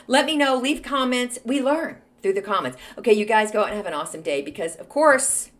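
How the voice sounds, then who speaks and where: Lively, chatty middle-aged woman host. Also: a little fast, few pauses. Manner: animated, chatty, jumps in pitch. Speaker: podcast host. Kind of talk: casual solo podcast chat.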